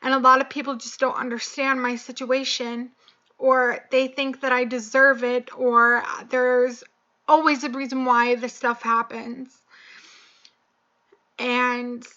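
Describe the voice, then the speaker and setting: A young woman speaks slowly in a fairly high, bright voice, her delivery flat and halting with frequent pauses. She sounds tearful and choked up as she confides in a personal vlog. The recording is dull and lo-fi. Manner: slow, halting and emotional, with many pauses and fillers. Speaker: vlogger.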